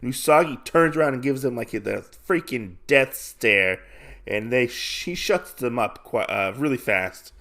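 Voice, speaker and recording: A man's voice: medium pitch, animated, unhurried, a bit bright. Man rambling through a comic recap. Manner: rambling, with many fillers. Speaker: podcast host. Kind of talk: casual comic-book recap.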